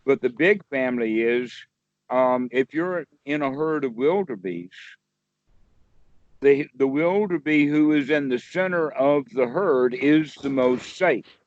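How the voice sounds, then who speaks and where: A man's voice: mid-range voice, darkish tone. Folksy man teaching over a lo-fi call. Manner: rambling, folksy, explains with examples and chuckles. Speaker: meditation teacher. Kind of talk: casual one-on-one dharma chat. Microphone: video call. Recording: dry, dull lo-fi call audio.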